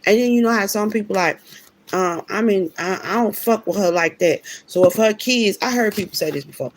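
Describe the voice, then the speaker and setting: Gravelly-voiced woman preaching about karma. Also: medium pitch, brisk. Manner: emphatic, preachy, slangy, with many restarts. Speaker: vlogger. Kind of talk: casual spiritual storytelling.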